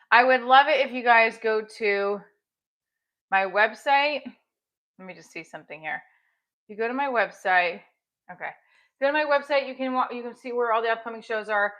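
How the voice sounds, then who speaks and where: A woman's voice: a little high, normal speed, pauses often, fairly bright tone. A middle-aged woman hosting a casual livestream, chatting while she exercises, with small effortful grunts. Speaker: livestream host.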